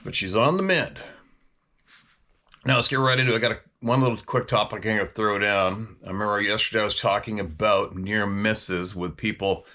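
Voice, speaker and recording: A man's voice: fairly low pitch, moderate pace, sharp tone. A man hosting a casual talk, a former hunting guide telling stories in a rambling, questioning way. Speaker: host.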